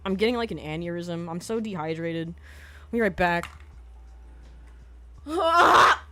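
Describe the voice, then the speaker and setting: A woman's voice: on the low side, moderate pace. A young woman streamer ranting on a live stream. She swears constantly and fills her talk with ums. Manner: profane, escalating rant with frequent ums.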